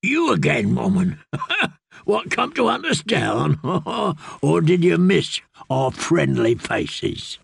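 Brief: man voicing sly male outlaw, drawling and mocking, gravelly and unhurried, audiobook. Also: fairly high pitch, wildly swooping pitch, fairly bright tone, no echo, clean studio sound, pitched above the performer's own voice, heavily acted.

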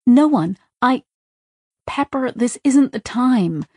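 A woman narrator voicing an artificial girl who answers in a steady, soothing, evasive way. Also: fairly high pitch, slow, breathy edge, no echo, clean studio sound, pitched above the performer's own voice, heavily acted. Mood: calm reassuring.

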